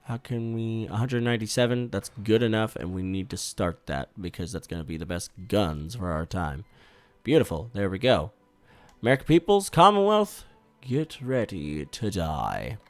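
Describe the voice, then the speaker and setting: A man giving casual, swear-laced commentary while playing a strategy game, bursting out loudly when things go wrong. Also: low-pitched, normal speed, no room sound, soft background music. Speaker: gaming YouTuber.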